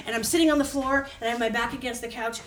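A woman's voice: on the high side, very fast, distant mic. A woman guest telling a story casually and animatedly, acting out the quotes. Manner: animated, acts out quotes loudly. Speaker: podcast guest. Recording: roomy echo.

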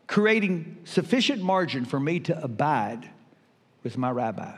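An older man preaching a sermon as pastor, emphatic with dramatic pauses. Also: fairly high pitch, big pitch swings, husky. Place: church sanctuary. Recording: reverberant church hall.

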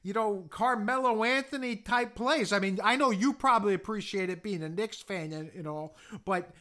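Man, podcast co-host, high bright voice, wry, casual sports chat. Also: normal speed. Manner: wry, prompting questions.

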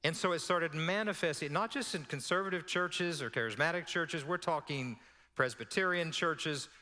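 Man, pastor, sermon storytelling, bright forceful tone, slightly high voice. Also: normal speed. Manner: animated storyteller acting out dialogue. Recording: long hall reverb.

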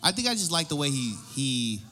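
A man's voice: mid-range voice, fairly quick. A man from Guam hosting a podcast, telling a story in casual chat and acting out the voices of the people in it. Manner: animated storyteller, acts out quoted voices. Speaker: podcast host.

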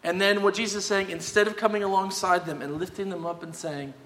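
A man delivers a sermon with a slightly higher voice than most men. He talks in a conversational but emphatic way and drives his points home. The sound rings with a long reverb, as in a large hall. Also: fairly even intonation, fast talker, few pauses, a bit bright. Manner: conversational, emphatic, tag questions. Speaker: pastor.

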